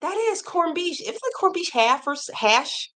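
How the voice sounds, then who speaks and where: A woman hosting a casual crochet livestream, chatting and reading viewer comments aloud with animated reactions. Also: sits high, normal speed.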